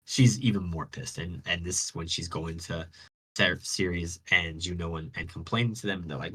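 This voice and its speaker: A man's voice: deep voice, steady tone, normal speed, fairly bright tone, husky, rough recording. A man hosting a radio show, retelling a myth in a rambling, slangy way with many restarts over online voice chat. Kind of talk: casual storytelling retelling of a myth.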